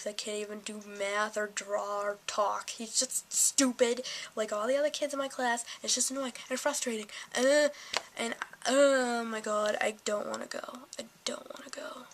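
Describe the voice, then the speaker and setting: 18 yo girl venting to her camera, kinda high voice, sarcastic and fed up, swears a lot. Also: a bit bright, slight background noise, poor audio. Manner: sarcastic, exasperated, swears freely. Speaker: vlogger. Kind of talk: casual ranting vlog.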